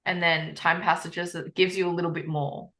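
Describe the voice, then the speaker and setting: A woman's voice: fairly low pitch, level tone, normal speed, fairly bright tone. A woman hosting a podcast, chatting casually with a guest in a giggly, enthusiastic way. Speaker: podcast host.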